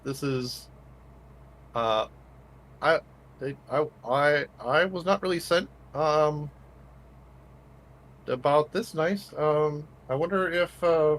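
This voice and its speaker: A man playing a tabletop game, speaking in character hesitantly and politely, with many pauses. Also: on the high side, fairly bright tone. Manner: hesitant, polite, full of ums. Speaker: player.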